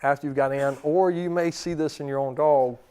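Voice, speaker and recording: A man's voice: a little high, fairly even intonation, clear, resonant tone. A man in his thirties, a dog trainer, giving a seminar talk and acting out commands and dogs' thoughts. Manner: forceful, acts out commands and dog thoughts in quick voices.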